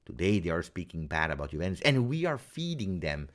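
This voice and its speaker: A man's voice: sits low, sing-song, a little fast. A man hosting a fan live stream, ranting heatedly and repeating himself for emphasis. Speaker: fan channel host.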